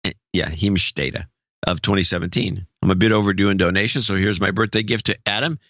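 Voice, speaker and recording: A man's voice: sits low, brisk, a bit bright, no echo. A man co-hosting a podcast, reading listener notes aloud with dry, wry asides. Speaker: podcast co-host. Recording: dull lo-fi dry sound.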